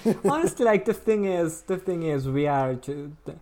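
A podcast co-host with a mid-pitched voice who rambles, restarting sentences and stumbling over words in casual chat. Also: lively intonation, moderate pace, dark tone.

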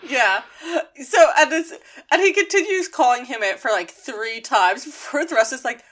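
A woman's voice: sits high, expressive, moderate pace, fairly bright tone. A woman co-hosting a casual chat, laughing often and swearing while she retells scenes. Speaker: podcast co-host.

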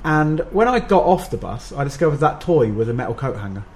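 Dry-witted podcast co-host. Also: male voice, medium pitch, big pitch swings, brisk, darkish tone, slight background noise. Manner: dry, wry asides. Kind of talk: casual podcast chat.

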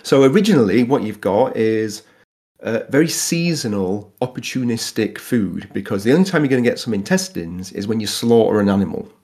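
A Yorkshire man with a Yorkshire accent, a guest, gives a casual conversational explanation of food history. His voice is on the low side, expressive, brisk and a little mellow, and he laughs often and keeps restarting his sentences.

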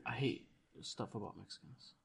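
A man's voice: on the low side, normal speed, gravelly, crowd noise. A man co-hosting a casual podcast chat, blunt and firing off random questions.

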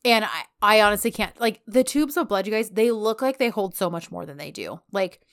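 A woman's voice: mid-range voice, animated, fairly quick, a bit bright, no room sound, studio quality. Chatty woman co-hosting a podcast. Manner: chatty, laughs often, many fillers like "like". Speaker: podcast co-host. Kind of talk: casual chat.

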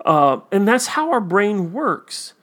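A man chats casually about a TV episode on a talk show, his voice sitting a touch high. He wanders through his points with plenty of fillers and acts out the lines he quotes. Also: sing-song, slow, a bit bright. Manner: rambling storyteller, many fillers, acts out quotes.

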